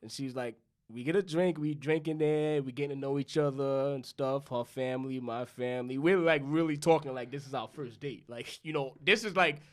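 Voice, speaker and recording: A man's voice: medium pitch, normal speed. Young man telling a profane story. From New York. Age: young adult. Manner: loose, profane storytelling, acting out both sides of dialogue. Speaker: podcast co-host. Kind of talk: casual storytelling chat.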